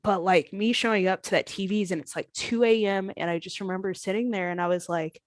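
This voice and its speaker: Brief: a woman, mid-pitched, recounting her career in an interview with animated, candid delivery; close mic, dry sound. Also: fairly quick, no room sound. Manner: animated, acts out past conversations in her stories. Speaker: professional wrestler guest.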